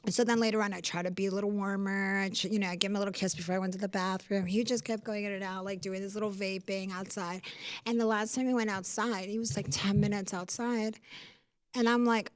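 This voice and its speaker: A woman's voice: medium pitch, quick pace. A woman hosting a casual studio chat, telling a story and acting out what everyone said. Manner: animated storytelling, acts out quotes. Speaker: host. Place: recording studio.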